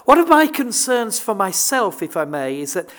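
A man's voice: high-pitched, very animated, moderate pace, fairly bright tone. Older man preaching; earnest, emphatic, stumbles and restarts as he presses his point. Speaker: visiting preacher. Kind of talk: sermon.

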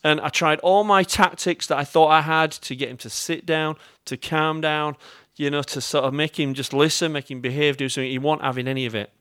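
An English man preaching a sermon, with a voice pitched a little high for a man. He speaks to his congregation directly and tells stories in a chatty way, with humour aimed at himself. The recording is dry, with no room echo. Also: fairly even intonation, a little fast, hardly any pauses, bright, forceful tone, clear, resonant tone. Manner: chatty storytelling with self-mocking humour. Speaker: pastor.

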